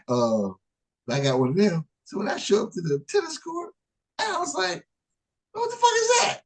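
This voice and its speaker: A man co-hosting a casual chat, telling stories with lively swings and laughing often. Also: normal speed. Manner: animated, jumps high when quoting people, laughs often. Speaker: podcast co-host.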